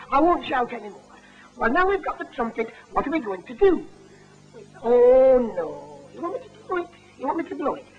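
A high, lively Lancashire man fussing and coaxing his way through a music hall puppet sketch. His voice swoops up and down as he chats away. The sound is dull and faintly hissy, like an old 1950 film soundtrack. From England. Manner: coaxing, fussy, chatting to a puppet.

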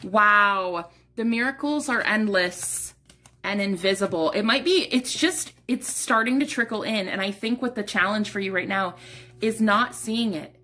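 A woman's voice: mid-range voice, normal speed, bright, forceful tone. A young woman chats her way through a tarot reading, rambling and restarting her words as she goes. She sounds a little out of breath and drops the odd casual swear word. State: a bit out of breath. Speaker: tarot reader.

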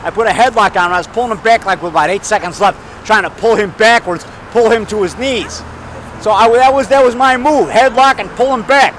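A man in his fifties rambling excitedly while walking down a town street, talking to camera and calling the viewer brother and man. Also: high-pitched, a little fast, a little hiss or hum. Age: 50s. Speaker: filmmaker vlogging. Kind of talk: rambling outdoor vlog.

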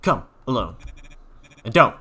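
A man doing a loud pushy scam salesman. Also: mid-range voice, very animated, measured pace, breathy edge, voice pushed down, heavily acted. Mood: smug. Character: fast-talking scammer salesman spam figure, pushy.

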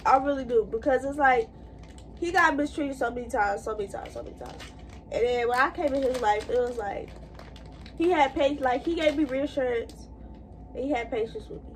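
A woman with a high voice, talking straight to her viewers as she gets ready. Her casual chat rambles from one thought to the next, recorded on a phone or camera held close. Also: slight background noise. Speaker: vlogger.

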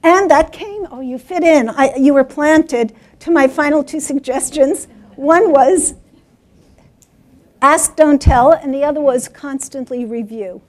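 A woman giving a workshop talk to teachers, animated and acting out stories. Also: high voice, a little slow. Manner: animated, acts out voices. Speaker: guest speaker for teachers.

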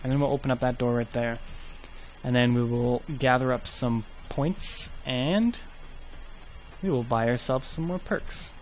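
A man's voice: medium pitch, a little slow, soft background music. A man giving casual let's play commentary, chatty and thinking aloud as he goes. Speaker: gaming YouTuber.

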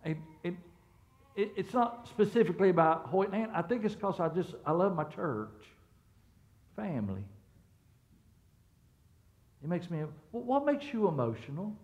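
High-voiced pastor preaching. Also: male voice, lively intonation, moderate pace, pauses often, a little mellow. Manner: conversational, repeats words and restarts, asks the congregation questions. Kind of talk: sermon. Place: church sanctuary.

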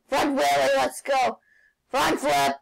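A woman playing a video game and commenting as she goes, excitable, often shouting and laughing. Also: high-pitched, creaky, low-quality recording. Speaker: gaming channel host.

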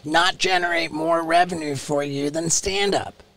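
A man's voice: a little high, steady tone, unhurried, bright, forceful tone, no room sound. A man co-hosting a podcast, talking with an eager, swearing, laugh-heavy manner. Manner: enthusiastic, swears often, laughs a lot. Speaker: podcast co-host. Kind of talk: casual podcast chat.

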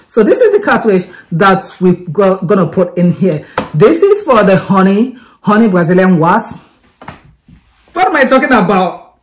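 Excitable woman reviewing a product. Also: medium pitch. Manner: chatty, repeats herself, excitable.

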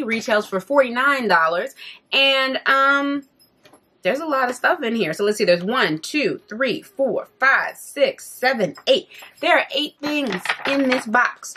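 A young woman chatting her way through a beauty box review, animated and jumping up in pitch to stress things. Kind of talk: casual product review.

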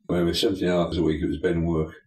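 A man's voice: deep voice, racing. Older preacher man, emphatic and folksy. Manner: emphatic, folksy sayings and lively asides. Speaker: pastor and bishop, guest. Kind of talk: preacherly interview talk. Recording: echoey room.

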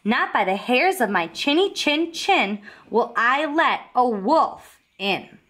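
A woman voicing a rude, bossy little pig in a storybook, drawing out slow, taunting threats. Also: fairly high pitch, lively intonation, fairly bright tone.

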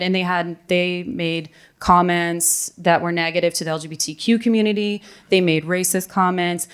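A woman's voice: lowish voice, smooth. A woman on a conference panel, telling her story candidly and acting out what people said to her. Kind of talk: panel discussion. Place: conference room.

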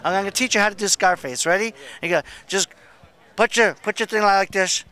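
A man's voice: high voice, fairly quick, pushed and bright, clear, resonant tone. A man hosting comedy street interviews outdoors at a beach, playful and teasing. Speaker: comedian host.

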